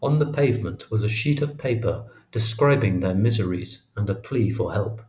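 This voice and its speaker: Male audiobook narrator, low voice, roomy echo, measured and expressive. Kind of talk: audiobook reading of a memoir.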